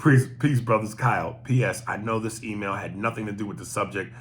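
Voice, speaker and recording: Lowish bright-voiced profane podcast host. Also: male voice, brisk. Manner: profane, joking, reading aloud. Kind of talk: casual podcast chat, reading listener emails aloud.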